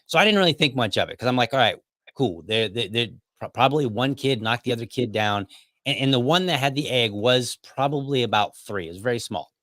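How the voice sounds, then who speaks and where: A man hosts a podcast and tells a long story in a loose, casual way. He often restarts his sentences and wanders into asides. His voice sits at a middle pitch and sounds dry and close. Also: animated, a little fast, a bit bright, dry recording. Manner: rambling, many restarts and asides. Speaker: podcast host.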